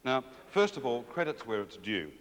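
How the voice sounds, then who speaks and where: A man's voice: medium pitch, big pitch swings, normal speed. An Australian man hosting an awards night, delivering a dry, wry and satirical comic speech in a large banquet hall. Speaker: awards host. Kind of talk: comic after-dinner speech. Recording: reverberant hall with audience.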